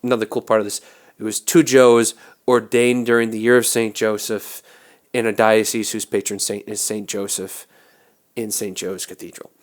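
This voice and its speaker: A man, a Catholic priest, telling a story in a casual podcast chat, animated and quick to laugh, often restarting his sentences. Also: fairly low pitch.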